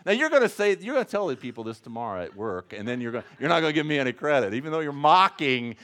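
A male pastor preaching a sermon, with big swings between loud and soft and jokes along the way. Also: on the high side, very animated, quick pace, few pauses.

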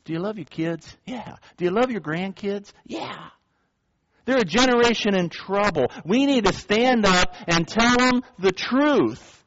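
A male pastor preaching in a slightly high, bright, forceful voice, reading scripture and pressing his listeners with direct questions. The sound is dull and lo-fi, and very dry, with no room sound. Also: lively intonation, unhurried, no echo. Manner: earnest, asks the congregation direct questions.

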